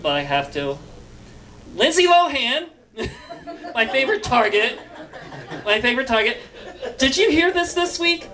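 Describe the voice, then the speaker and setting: A man's voice: high-pitched, pushed and bright. A man doing stand-up comedy and hosting, with lots of fillers, laughing at his own jokes. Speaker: stand-up comedian and show host.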